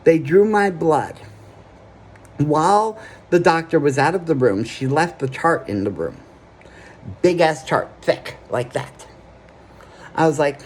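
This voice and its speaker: A man's voice: fairly high pitch, animated, slow pace, pauses often, darkish tone. A man telling a personal story straight to camera in an earnest, emphatic way, often stopping to ask "okay?". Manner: keeps checking in with "okay?" between points; earnest, emphatic, plain-spoken. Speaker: vlogger.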